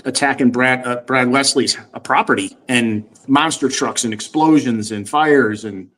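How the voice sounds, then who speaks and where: A man's voice: medium pitch, measured pace, a bit bright. A man co-hosting a casual live stream, upbeat and friendly, greeting viewers and reading out their comments.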